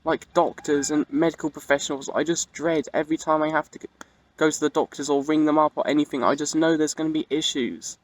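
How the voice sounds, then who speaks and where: Fairly quick and fairly even in intonation, a young trans woman's deep voice carries her frank video diary, spoken straight to camera. Her candid talk is full of casual fillers.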